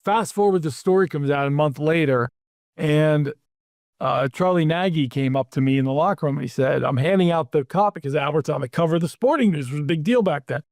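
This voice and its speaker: A man with a slightly higher-than-usual voice tells stories in a casual interview, acting out other people's lines with animated energy. The sound is dry and close, with no room echo. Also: brisk. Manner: animated anecdotes, acts out quotes. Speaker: podcast host, PR executive.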